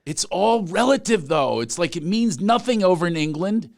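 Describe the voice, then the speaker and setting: Animated man host, dry close sound. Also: high-pitched, moderate pace, gravelly, dry recording. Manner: playful, teasing, animated. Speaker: podcast host. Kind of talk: casual podcast chat.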